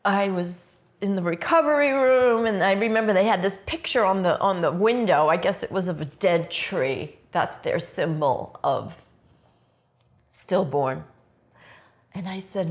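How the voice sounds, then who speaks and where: A woman's voice: mid-range voice, measured pace. Middle-aged woman, interview subject; intense, unfiltered, frequent swearing. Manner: raw, blunt, swears often, emotionally intense. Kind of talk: emotional personal storytelling interview.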